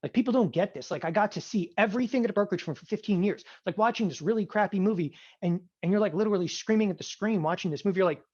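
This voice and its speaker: A man teaching an options trading class, animated and sarcastic, often acting out students' voices. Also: high voice, very fast, few pauses, slightly rough. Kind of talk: classroom lecture. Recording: dull lo-fi sound.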